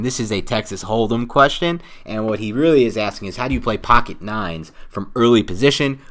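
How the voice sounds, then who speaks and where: Deep-voiced nasal man, podcast co-host. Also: fairly bright tone. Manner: chatty, explains at length, teasing laughs. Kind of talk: casual podcast chat.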